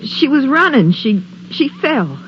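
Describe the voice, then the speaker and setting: A woman's voice: sits high, very animated, a little slow. An actress playing a jittery, defiant young woman in a 1940s radio drama, speaking in a nervous, defensive way. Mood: defiant fear. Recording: dull old radio broadcast with clear hiss.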